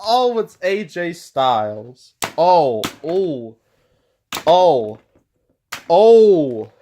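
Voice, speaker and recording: Host calling a wrestling video game at a very slow, drawn-out pace, excitable, talking to the wrestlers on screen. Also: medium pitch, slight background noise. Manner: excitable, full of gasps and "oh" exclamations. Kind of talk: play-by-play game commentary.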